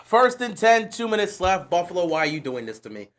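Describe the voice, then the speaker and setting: A man's voice: sits high, sing-song, fairly quick, a bit bright. A man hosting a live stream, calling a football game play by play and ranting at it in slangy, exasperated bursts. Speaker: livestream host. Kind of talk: live game watch-along commentary.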